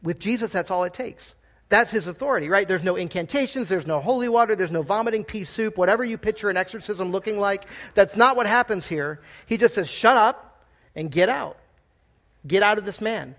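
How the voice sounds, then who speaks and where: A man's voice: sits high, fairly quick, fairly bright tone. A man preaching a sermon in a conversational, emphatic style and often checking in with the congregation with "right?". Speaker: pastor.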